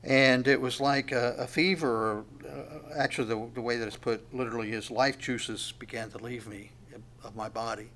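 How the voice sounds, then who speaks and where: A man preaching a sermon in a plain, conversational voice of ordinary pitch. He puts questions to the congregation and sometimes sinks to a near whisper. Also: fairly even intonation, normal speed, a bit bright, slight background noise. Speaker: pastor.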